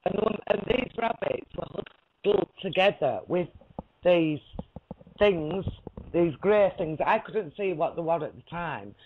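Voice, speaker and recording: A woman's voice: fairly low pitch, lively intonation, a little slow, noisy background. A woman, a guest rambling through a story in a casual chat, laughing often and checking that she is understood. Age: 40s. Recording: lo-fi audio.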